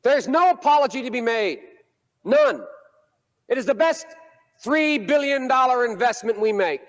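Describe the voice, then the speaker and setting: Emphatic man, high voice, echoing chamber. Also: animated, moderate pace. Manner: emphatic, declaratory. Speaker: legislator giving a floor speech. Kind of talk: formal floor speech.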